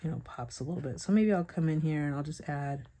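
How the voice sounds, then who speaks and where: A woman teaching Bible journaling, chatting softly and thinking aloud with hums and pauses as she works at a craft table. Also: low voice. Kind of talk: relaxed craft tutorial narration.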